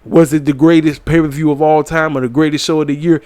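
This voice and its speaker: A man runs through a wrestling review in a loose, preachy talking style, leaning on his favorite catchphrases. His voice sits a little high for a man. The room is dry and close. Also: quick pace, no room sound. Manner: animated and preachy, repeats catchphrases. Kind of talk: casual commentary. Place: small room at home.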